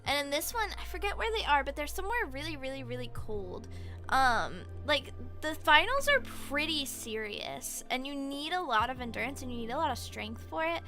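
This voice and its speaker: A woman streamer in casual chat, excitably rambling through a story with lots of "like". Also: high voice, moderate pace, faint music behind. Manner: excitable rambling retelling, heavy use of "like".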